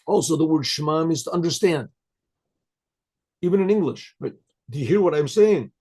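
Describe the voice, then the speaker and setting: An older man, a rabbi, giving a Torah lecture, translating Hebrew phrases into English and pausing often to ask "right?". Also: a little high, animated, a little mellow, slightly rough.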